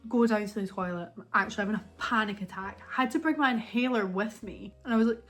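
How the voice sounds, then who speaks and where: A young woman chats casually at home for her vlog, rambling and poking fun at herself as she laughs through a story. She talks fast at a medium pitch with a fairly bright tone, and faint music plays behind her.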